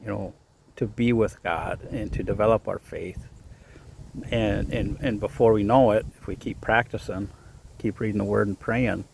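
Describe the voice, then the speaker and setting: A man with a low, gravelly voice talks through a casual devotional message outdoors. His voice shakes a little from the cold and he rambles with many fillers. Faint outdoor noise sits behind him. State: shaky voice from cold. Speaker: faith vlogger.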